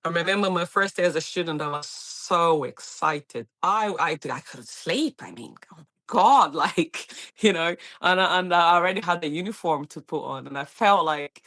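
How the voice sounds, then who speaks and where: A woman's voice: on the low side, moderate pace. A woman in her thirties from Brazil, speaking English with a Brazilian accent, chatting as a paramedic guest and acting out the people in her stories. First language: Portuguese. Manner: animated storyteller, acts out quoted voices, laughs often. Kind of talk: casual interview chat.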